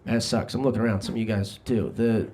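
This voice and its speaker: A young man doing a stand-up comedy set on a club stage, brash and self-deprecating, throwing quick asides at the crowd. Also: fairly low pitch, steady tone, dark tone. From New Jersey. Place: comedy club stage before a live audience.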